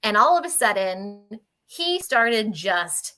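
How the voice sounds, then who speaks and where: Woman, bright tone, mid pitch, animated casual storytelling, laughs while talking, video call. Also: takes it slowly. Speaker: paranormal investigator on a panel.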